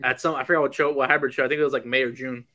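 A male podcast host whose voice is bright and sharp. He asks his guest casual questions and hesitates often as he goes. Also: mid-range voice, steady tone, very fast. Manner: hesitant, many uh fillers.

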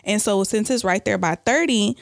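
Animated woman telling a story. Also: mid-range voice, normal speed, vocal fry, no echo, clean studio sound. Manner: animated storytelling, quoting people in raised voice. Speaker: storyteller among friends. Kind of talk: casual chat.

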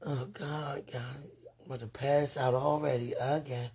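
A woman with a deeply husky, breathy voice talks casually to her viewers about faith. She sounds sleepy and often drops into whispered asides, then perks up in brief animated bursts. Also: normal speed. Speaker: online talk host.

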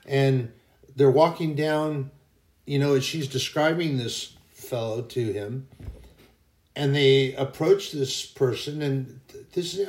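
A man's voice: medium pitch, a little slow, darkish tone, roomy sound. A man hosting a casual faith podcast, telling anecdotes in a rambling way that often corrects itself. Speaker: podcast host.

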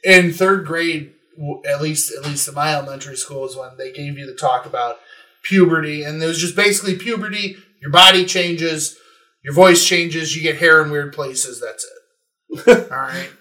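A man telling a story in a relaxed group chat, animated and swearing casually. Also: on the high side, moderate pace.

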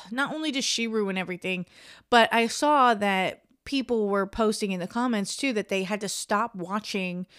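A woman's voice: a little high, fairly bright tone, no echo, studio quality. A young woman hosting a casual solo podcast, chatting and ranting in an opinionated, gossipy way. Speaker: podcast host.

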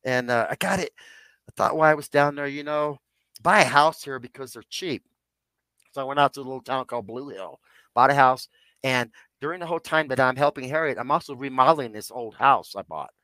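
Man in his sixties, mid-pitched, a guest spinning long, rambling stories on a dry mic. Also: a little fast, pushed and bright, no echo. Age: 60s. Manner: rambling, addresses listeners as "guys". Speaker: podcast guest. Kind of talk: personal storytelling.

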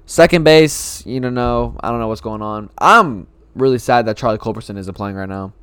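Man, rambling fan sports talk, smooth clear voice, dry close sound. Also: medium pitch, normal speed, fairly bright tone, no room sound. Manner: rambling, repeats himself, frustrated fan. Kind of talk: casual solo sports talk.

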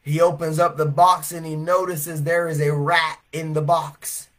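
A man preaching a revival sermon as an evangelist, telling stories animatedly and swelling to shouts. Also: fairly high pitch, flat delivery, measured pace.

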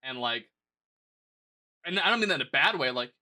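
A young man co-hosting a podcast, telling animated stories in a casual, profane way. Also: mid-range voice, moderate pace. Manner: animated storytelling, lots of swearing. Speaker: podcast co-host. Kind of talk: casual chat.

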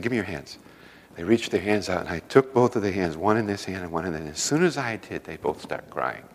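A man preaching a sermon, telling personal stories earnestly, going from loud emphasis down to a hushed voice. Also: lowish voice, in a large hall. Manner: earnest storytelling, swings from loud emphasis to hushed near-whisper. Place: church service hall.

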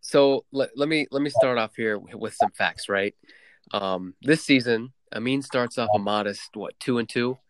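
A man's voice: medium pitch, normal speed, dry recording. A man co-hosting a casual podcast chat, laying out facts methodically. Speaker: podcast co-host.

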